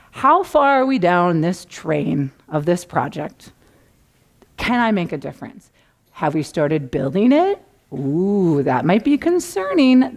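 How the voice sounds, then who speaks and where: A middle-aged woman giving a conference talk, animated and acting out clients' panicked voices. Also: lowish voice. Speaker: conference speaker. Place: conference room.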